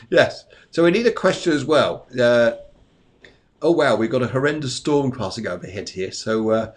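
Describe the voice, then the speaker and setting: A man's voice: medium pitch, animated, unhurried, long pauses. Chatty middle-aged male psychic host. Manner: chatty and rambling, repeating phrases. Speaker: psychic medium and show host. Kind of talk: live-stream tarot readings. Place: home during a storm.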